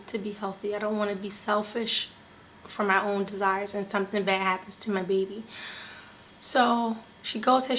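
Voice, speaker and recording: A young woman vlogger telling a personal story to her viewers in an animated, chatty way, often saying "like" and "you guys.". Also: mid-range voice, slight background noise. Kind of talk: casual storytelling to camera.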